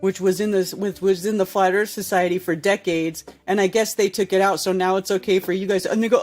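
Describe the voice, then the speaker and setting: A woman's voice: mid-range voice, fairly even intonation, brisk, hardly any pauses, soft background music. A woman hosting a casual live-stream talk show, speaking in a blunt, profane, exasperated manner. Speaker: podcast host.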